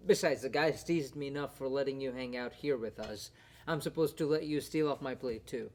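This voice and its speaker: A man's voice: mid-range voice, fairly quick, darkish tone, lightly acted. A young man playing an awkward visiting brother. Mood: teasing. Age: young adult. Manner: hesitant, stammering. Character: college-age man visiting his sister, awkward. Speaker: actor. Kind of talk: student stage play.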